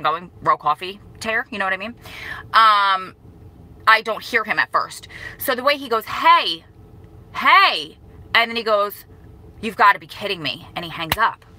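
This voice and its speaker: A woman's voice: medium pitch, bright, forceful tone, poor audio. Emotional rambling woman vlogger. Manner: emotional, rambling, self-correcting, greets viewers mid-sentence. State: grieving, emotional. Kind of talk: casual live-stream update.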